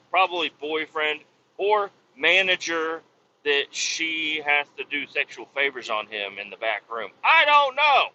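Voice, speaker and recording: A man with a bright, piercing voice tells a profane story as a podcast host, jumping from mutters to exasperated shouts. His voice sits a bit higher than most men's. The recording is a little dull, with faint noise underneath. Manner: animated, swears a lot, jumps into loud exasperated outbursts. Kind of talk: profane comedic storytelling rant.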